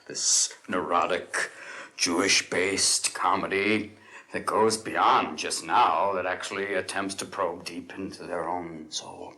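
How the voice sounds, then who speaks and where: A man with a low voice speaks in a hushed, mock-solemn tone and drops into whispers now and then. His timbre is bright and edgy. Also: steady tone, slow pace. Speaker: comedian.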